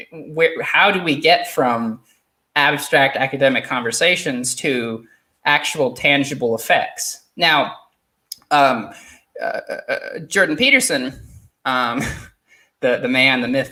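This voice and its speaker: A man hosting a podcast in casual chat, talking haltingly with many repeated words and restarts. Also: mid-range voice, pushed and bright. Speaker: podcast host.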